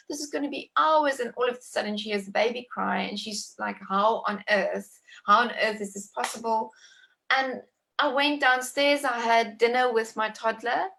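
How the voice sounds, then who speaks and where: A woman in her thirties tells the story of a birth at home in an emotive, animated way. Her voice sits a little high, and she keeps breaking off to restart her sentences, with "like" scattered all through. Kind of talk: personal birth story in conversation.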